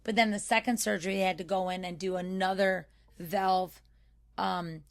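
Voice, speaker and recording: Gravelly-voiced woman sharing a testimony. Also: medium pitch, fairly even intonation, moderate pace. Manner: earnest, rambling with fillers and restarts. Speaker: podcast guest. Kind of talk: personal faith testimony in conversation.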